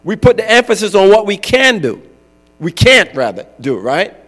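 A man's voice: sits high, big pitch swings, normal speed, fairly bright tone. A male pastor preaching a sermon in a conversational way, often asking his congregation "right?". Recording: long hall reverb with mains hum.

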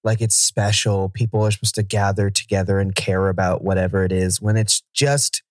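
A man co-hosting a casual podcast chat, animated and swearing freely. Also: lowish voice, brisk, no room sound, clean studio sound. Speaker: podcast co-host.

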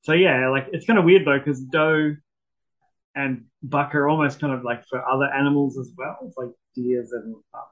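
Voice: mid-range voice, fairly even intonation, moderate pace, lo-fi sound. A podcast co-host in casual chat, laughing often and trailing off mid-thought.

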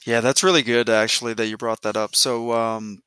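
A man in his thirties speaks as a guest in an easygoing conversation, earnest and reflective, often pausing on fillers. His voice is bright and smooth, and the sound is dry and close. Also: medium pitch, level tone, no room sound. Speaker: podcast guest. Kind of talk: casual conversation.

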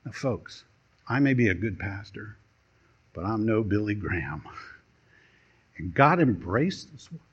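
A man pastor preaching a sermon, telling a story with dramatic pauses and a storytelling delivery. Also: fairly low pitch, lively intonation, husky. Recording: dull lo-fi sermon recording.

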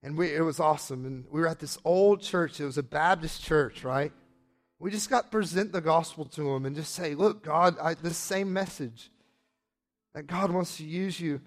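A man preaching a sermon and telling a personal testimony, passionate, moving between hushed moments and excited shouts. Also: a little high, normal speed.

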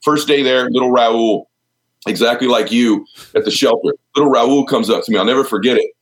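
A deep-voiced man in his fifties, an entrepreneur and speaker, talking earnestly and openly about his vulnerabilities in an interview. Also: fairly quick. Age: 50s. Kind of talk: candid interview conversation.

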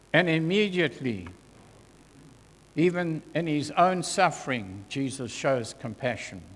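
Man, sermon, very slow, earnest, reverberant hall. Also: medium pitch. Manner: earnest, slow and deliberate, dropping soft on scripture quotes. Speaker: preacher.

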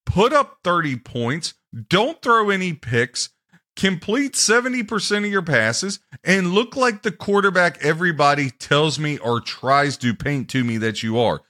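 Bright-voiced ranting sports podcast host. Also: male voice, fairly high pitch, animated, unhurried. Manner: loud, ranting, mocking sports commentary.

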